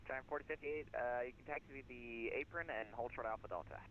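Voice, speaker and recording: Male air traffic controller, brisk radio calls, courteous, fast, faint radio static. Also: medium pitch, muffled recording. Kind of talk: radio phraseology.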